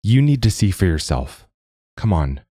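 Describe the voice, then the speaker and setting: A man's voice: sits low, sing-song, normal speed, dark tone, dry recording, pitched above the performer's own voice. A man voicing a stubborn, defiant old woman scientist who talks insistently in a storybook reading. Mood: stiff. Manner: insistent, urgent.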